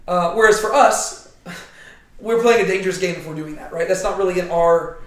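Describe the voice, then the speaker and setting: A man's voice: sits high, moderate pace, fairly bright tone. A man teaching a casual Bible study, thinking aloud and often checking in with "right?". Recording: very echoey room.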